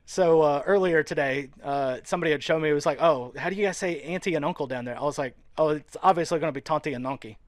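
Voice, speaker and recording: A man's voice: a little high, fast, few pauses, dry recording. A man from the Louisiana area of the US South, co-hosting a podcast, joking and rambling with frequent laughs. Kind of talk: casual podcast chat.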